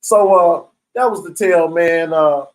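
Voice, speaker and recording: Guy with a pretty high voice telling a prison story, cussing a lot, says "right?" constantly. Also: measured pace, poor audio. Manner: profane, streetwise, checks in with "right?". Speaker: storyteller recounting prison life. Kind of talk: casual spoken storytelling.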